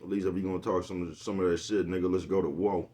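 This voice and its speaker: A young man's rambling vlog monologue comes in a low, warm voice with little pitch movement, delivered fast. Heavy swearing, crude slang, and frequent laughs fill it, along with the repeated question "you know what I'm talking about".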